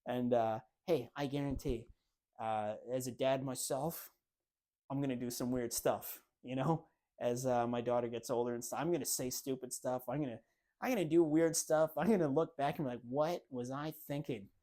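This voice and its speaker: Guy in his 30s chatting on his podcast, telling a funny christmas story, mid pitch, gets lively acting out his family. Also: moderate pace. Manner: animated storyteller, acts out family members' lines. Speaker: podcast host. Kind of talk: casual storytelling monologue.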